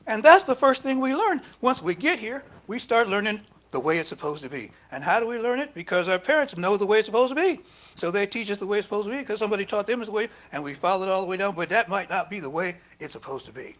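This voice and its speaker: A man's voice: high voice, fairly bright tone. A man giving a conversational sermon at a spiritual center, acting out quoted speech with emphatic rises and dropping at times to near whispers. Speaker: speaker at a spiritual center service. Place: church hall.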